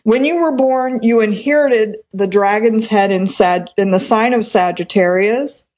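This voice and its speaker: A woman's voice: medium pitch, a little slow, darkish tone. A woman astrologer giving a live reading on the radio, explaining as she goes and stopping to rephrase. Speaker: astrologer and reverend. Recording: dull lo-fi sound.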